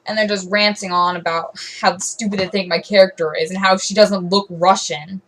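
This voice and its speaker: A woman's voice: medium pitch, steady tone, normal speed, rough recording. A teenage girl ranting to camera in a rambling, aggrieved way, full of "um"s, "like"s and restarts. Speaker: vlogger.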